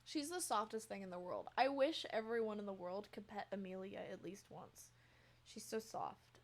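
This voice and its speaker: A woman's voice: a little high, lively intonation, measured pace, pauses often, fairly bright tone. A young woman streaming, chatting casually with her viewers and cooing over her cat. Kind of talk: casual chat with chat.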